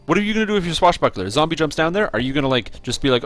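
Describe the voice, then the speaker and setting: A man talks through a game for his live viewers, rambling from point to point and addressing the chat directly. His pitch jumps around a lot as he reacts to what happens on screen. Faint music plays underneath. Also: very fast, hardly any pauses, dry recording. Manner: excitable reactions to gameplay. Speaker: video game streamer. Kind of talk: casual live-stream commentary.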